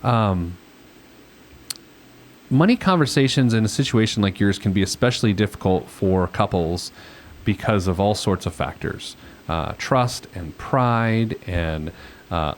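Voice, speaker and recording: Chatting casually with a caller on his financial advice podcast, the host, a financial planner, rambles along, full of fillers and jokes at his own expense. He has a lowish voice, expressive and measured in pace.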